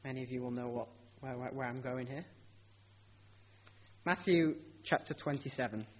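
A man's voice: medium pitch, moderate pace, slight background noise. A man preaching a sermon in an earnest, conversational way, asking rhetorical questions and often restarting his sentences. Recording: dull lo-fi recording.

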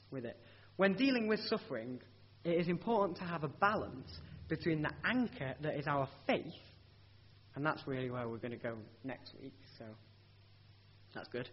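A man's voice: high voice, slightly rough. A man preaching a sermon in an earnest, conversational way, asking rhetorical questions and often restarting his sentences. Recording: dull lo-fi recording.

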